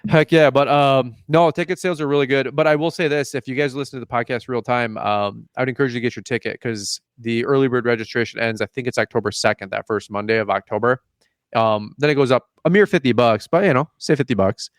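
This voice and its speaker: This podcast host speaks in a mid-range voice at a quick pace, captured dry with clean studio sound. A joking storyteller, he laughs a lot and plays out each side of the exchanges he quotes.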